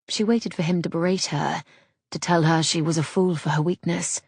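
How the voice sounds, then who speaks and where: A woman narrates an audiobook in a measured, even storytelling manner. Her voice is low and husky, and the recording is close and dry with no room around it. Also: no room sound. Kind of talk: scripted narration of a romance novel.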